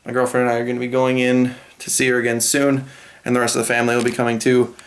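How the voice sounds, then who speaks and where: A man's voice: medium pitch, monotone, quick pace, a little hiss or hum. Young man vlogging, telling a story. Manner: rambling, retelling a phone call and quoting others. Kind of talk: casual vlog storytelling.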